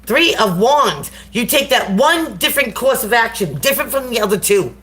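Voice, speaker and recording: A woman's voice: fairly high pitch, very animated, normal speed, fairly bright tone. A woman giving a casual live tarot reading to viewers on a phone, talking in a slangy, encouraging way. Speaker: tarot reader.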